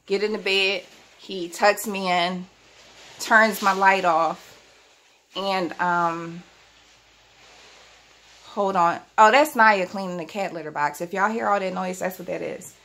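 With family in the house, a chatty vlogger at home relays a childhood story to viewers, her mid-range voice slow, full of long pauses, and roughened by gravelly fry. The tone is relaxed storytime, casual and aimed directly at her audience.

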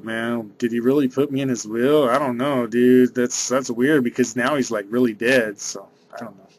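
A man, rambling through a casual vlog monologue and saying "dude" a lot. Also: medium pitch. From San Diego area. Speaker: vlogger.

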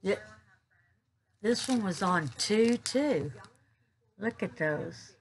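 A woman talks slowly through a casual crafting unboxing. She gushes and repeats her praise in a drawn-out, easy way. Her voice sits at a middle pitch. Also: lively intonation. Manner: gushing, drawn-out, repeats herself. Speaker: crafting YouTuber.

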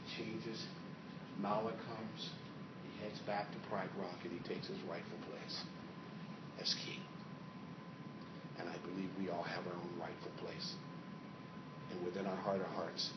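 A male network marketing trainer giving a dramatic motivational talk, quizzing his live seminar audience. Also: sits low. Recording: echoey hall, distant, dull and noisy.

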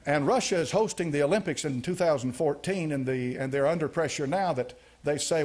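A man's voice: a little high, fairly quick, hardly any pauses, darkish tone. A man preaching a sermon as a pastor, emphatic, driving points home with repeated phrases.

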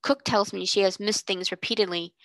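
A woman's voice: medium pitch, fairly even intonation, brisk, a bit bright, no room sound, lightly acted. Storybook: woman reading as a harsh, scolding headmistress. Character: stern, angry boarding-school headmistress.

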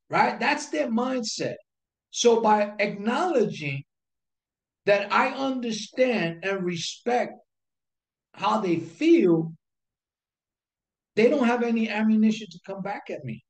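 A sales coach teaches sales technique straight to camera in an echoey room, speaking slowly with long pauses. His voice is high-pitched with lively intonation, and he stresses his points emphatically, repeating key phrases and asking rhetorical questions.

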